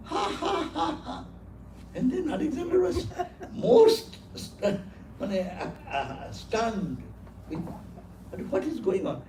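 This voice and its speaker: A male monk delivers a sermon, hammering points home through repetition and laughing his way through the stories. His voice is high for a man and mellow in tone. It comes from a distance in a roomy hall, with faint noise underneath. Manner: emphatic, repeats words, laughs while telling stories. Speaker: monk giving a talk.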